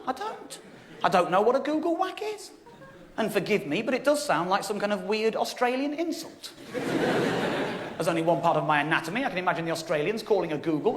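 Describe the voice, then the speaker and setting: A man's voice: very high-pitched, noisy background. A man in his thirties telling a stand-up comedy story, wry and exasperated, mocking himself as he goes. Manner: wry, exasperated, self-mocking delivery with frequent laughter. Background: audience laughter.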